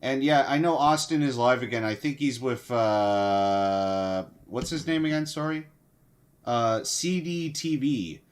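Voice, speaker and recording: A man's voice: mid-range voice, measured pace. A sleep-deprived young man hosting a casual livestream, swearing heavily and restarting his sentences as he rambles. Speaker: livestream host.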